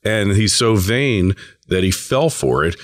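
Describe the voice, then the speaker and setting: A man's voice: fairly low pitch, expressive, a little slow, no echo, studio quality. A man hosting a casual interview, talking in an emphatic, conversational way. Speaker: host.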